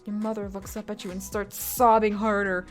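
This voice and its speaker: A young woman streaming a text adventure, reading the story aloud and breaking in with sudden loud, high-pitched outbursts and swearing. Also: level tone, moderate pace, faint music behind.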